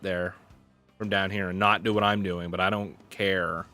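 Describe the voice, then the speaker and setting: A man's voice: low voice, flat delivery, moderate pace, bright, forceful tone, dry recording, faint music behind. A male streamer giving frustrated live gameplay commentary, muttering, swearing and running himself down. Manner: exasperated, self-deprecating, swearing, muttering to himself. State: sweating in the heat. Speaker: gaming streamer.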